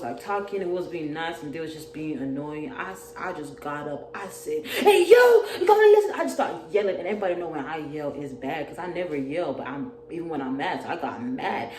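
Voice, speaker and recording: Young woman ranting a storytime vlog, lowish voice, acts out the yelling, roomy echo. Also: fast talker, hardly any pauses. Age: young adult. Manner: animated, acts out yelled quotes. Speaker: college student vlogger. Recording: echoey room, faint noise.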